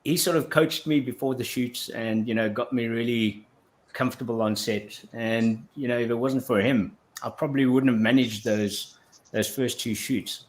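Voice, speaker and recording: Telling his story on a relaxed interview show, a guest actor from South Africa rambles and keeps restarting his sentences. He speaks at normal speed in a mid-range voice with a steady tone.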